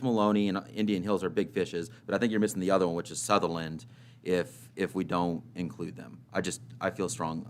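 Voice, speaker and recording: A man's voice: sits low, fairly even intonation, fairly quick. A man speaking as a council member, earnest and hesitant with many fillers. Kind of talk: council discussion.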